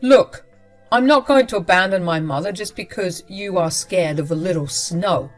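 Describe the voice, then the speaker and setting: A woman's voice: on the low side, moderate pace, faint music behind, lightly acted. A woman voicing a dismissive, defensive husband who brushes off his wife's worries in a story narration. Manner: brushing off, curt.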